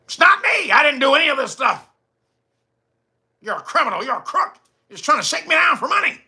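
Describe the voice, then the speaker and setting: A man's voice: extremely high pitch, sing-song, brisk, sharp tone, voice pushed up, heavily acted. A man putting on the voice of an indignant grown man who denies accusations. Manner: defiant, protesting.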